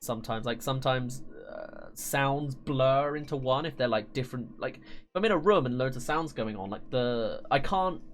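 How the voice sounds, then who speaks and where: A man streaming a game, talking in a loose, rambling way. He trips over his words and breaks into laughter often. Faint game music plays softly underneath his voice. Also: mid-range voice, moderate pace. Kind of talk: live-stream gameplay commentary.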